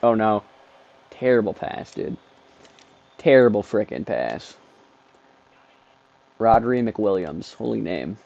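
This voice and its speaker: A man doing let's-play commentary on a football video game, excitable, trash-talking the game and bursting into shouts. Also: lowish voice, slow, creaky, long pauses. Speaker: gaming streamer. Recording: dull lo-fi dry mic.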